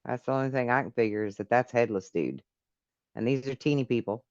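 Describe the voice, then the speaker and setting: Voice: medium pitch, fairly quick, a little mellow, dry recording, highs cut off. Jokey host reacting to a video. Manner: joking asides, reads text aloud with quips. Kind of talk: casual reaction commentary.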